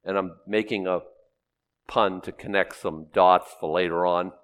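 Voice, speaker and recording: A middle-aged man preaching a sermon, teaching through a Bible passage in a conversational way with sudden loud rises. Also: sits low, steady tone, a little slow. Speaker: pastor.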